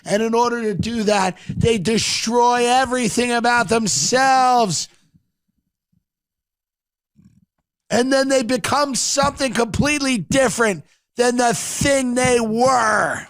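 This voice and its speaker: A man voicing a cruel, ranting male mayoral candidate, giving drawn-out, shouted speech lines in a mock-rousing way. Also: very high voice, voice pushed up, heavily acted. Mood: grandiose.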